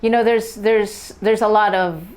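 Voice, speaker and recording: An older actress answering interview questions in a halting way, searching for her words. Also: medium pitch, steady tone, a little mellow, clean tone. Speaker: guest actress. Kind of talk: interview conversation.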